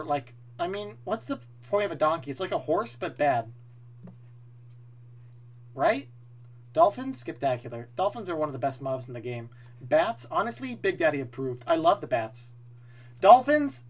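An excitable male streamer gives loud opinions to his live chat, swearing casually. His voice sits high and swings all over the place. He talks in a quick, animated way.

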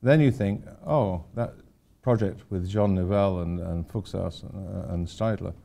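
A man's voice: deep voice, a little slow, creaky, warm tone. An older man, an architect giving an informal lecture, rambling through anecdotes with wry asides.

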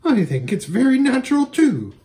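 A man voicing a gentle, timid talking mare who speaks in a meek, plaintive way. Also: extremely high pitch, wildly swooping pitch, normal speed, reverberant, voice pushed up, full character voice. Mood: earnest.

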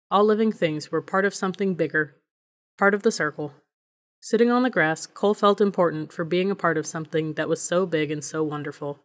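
A woman narrates a novel as an audiobook reader. Her voice sits on the low side, and she keeps a steady, even pace as she tells the story. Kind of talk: scripted narration.

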